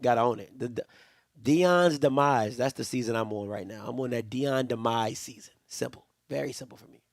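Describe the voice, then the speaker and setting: A man's voice: medium pitch, moderate pace, gravelly, no echo, studio quality. A man hosting a live watch party, reacting to a game in a casual, slangy, trash-talking way.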